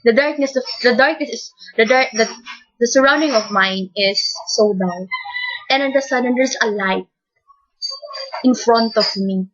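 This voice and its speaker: A woman giving an emotional faith testimony in a soft, tearful voice, halting and repeating her words. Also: fairly high pitch. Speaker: speaker giving a personal testimony. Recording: dull lo-fi recording.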